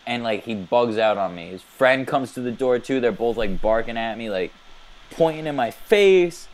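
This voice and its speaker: A man spinning a story on a podcast, cursing freely and talking quickly. His delivery stays animated and loose. He sounds like he is among friends. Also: mid-range voice. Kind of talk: casual storytelling.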